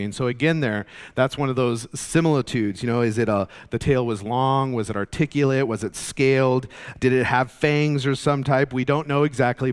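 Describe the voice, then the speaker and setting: A man teaching a Bible study in a conversational, explanatory way, with many fillers and restarts. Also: medium pitch.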